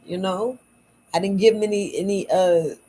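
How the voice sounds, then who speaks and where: A tired, worn-out woman chatting late at night in a low voice. She talks casually to her viewers as a shop owner, repeating words for emphasis in folksy phrasing. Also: fairly even intonation, normal speed, dark tone, slight background noise, rough recording. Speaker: herbal shop owner selling wellness patches. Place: at home at night.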